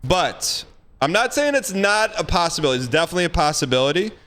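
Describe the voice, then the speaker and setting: A man's voice: a little high, sing-song, quick pace, a bit bright. A man streaming live and giving blunt, emphatic dating advice in casual chat, repeating himself for emphasis. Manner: emphatic, repetitive, blunt, acts out quoted lines.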